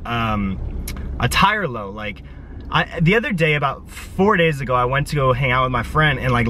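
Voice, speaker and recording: A man's voice: mid-range voice, bright, forceful tone, slight background noise. A young man with the hiccups chatting casually to his vlog camera, rambling with lots of fillers. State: has the hiccups. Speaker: vlogger.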